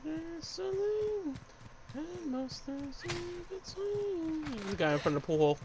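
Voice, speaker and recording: A man giving live gameplay commentary, excitable and swearing, trash-talking the other players. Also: very high-pitched, unhurried, crowd noise. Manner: excitable, profane trash talk. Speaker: gamer. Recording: loud game gunfire and vehicles over voice. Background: shooter game gunfire and explosions.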